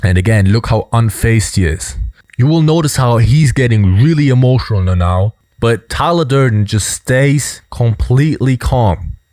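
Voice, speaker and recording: A man hosting a casual video commentary, explaining in a relaxed way with lots of fillers. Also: mid-range voice, a little slow, dry recording, studio quality. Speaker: host.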